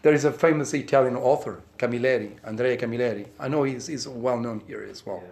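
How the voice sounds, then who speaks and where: A man's voice: mid-range voice, quick pace, a little mellow. Portuguese-accented man, chatty storyteller. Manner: chatty, explains through anecdotes and examples. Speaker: author at a press conference. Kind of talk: conversational explanation in English. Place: press conference room.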